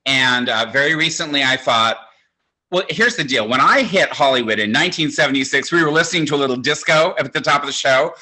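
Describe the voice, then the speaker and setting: A man's voice: mid-range voice, fairly quick, pushed and bright, rough recording. A man in his sixties doing stand-up comedy, telling campy, self-mocking stories. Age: 60s.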